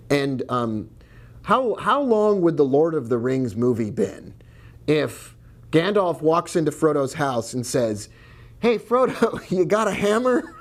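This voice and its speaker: Man, trading teacher, casual lesson, mid-pitched voice, chatty, digressive. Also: a little mellow. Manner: chatty and digressive, jokes and asides. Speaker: trading educator.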